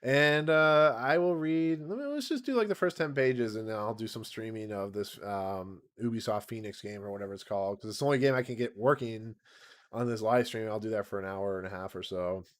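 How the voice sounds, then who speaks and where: A man in his thirties hosting a casual livestream, chatting in a rambling, self-deprecating way with frequent laughs and a slightly raspy voice. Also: on the low side, fairly quick. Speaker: channel host.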